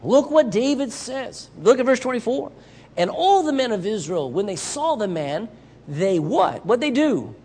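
With a very high, husky voice at a measured pace, a Southern-accented missionary delivers a sermon. He's animated, performing the Bible characters along the way.

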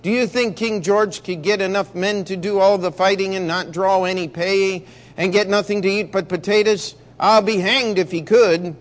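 A man's voice: high voice, steady tone, normal speed, close to an everyday voice. A man reading as a blustering English officer. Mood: indignant. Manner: blustering, exclamatory. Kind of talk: read-aloud storybook dialogue.

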